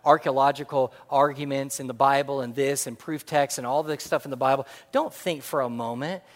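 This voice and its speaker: A man preaching a sermon as pastor, animated and jokey, swinging from loud punchlines to quiet earnest points. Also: medium pitch, brisk. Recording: long hall reverb.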